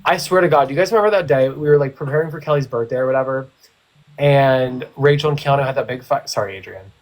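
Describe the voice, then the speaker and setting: A man's voice: medium pitch, fast talker, low-quality recording. A young man hosting a casual live stream chat, telling stories and teasing his guests. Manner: chatty storyteller, teasing.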